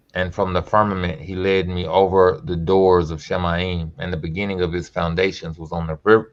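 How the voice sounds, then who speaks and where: Low-voiced man reading scripture, lo-fi. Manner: slow, emphatic reading with casual asides. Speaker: podcast host. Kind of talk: reading scripture aloud with casual commentary.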